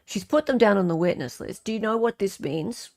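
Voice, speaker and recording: A woman's voice: medium pitch, expressive, fairly quick. An Australian woman hosting a casual livestream, chatting with viewers, reading their comments, and ranting freely. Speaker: livestream host.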